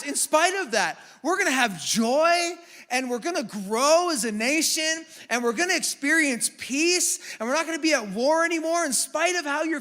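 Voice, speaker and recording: A man preaching a conversational sermon as a pastor, animated and joking at his own expense. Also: extremely high pitch. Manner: animated storytelling with self-deprecating humor. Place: church sanctuary. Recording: long hall reverb.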